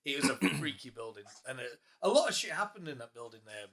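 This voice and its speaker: Lively, playful man. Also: medium pitch, fast, creaky. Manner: laughs often, playful and teasing. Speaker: podcast host. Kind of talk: casual chat.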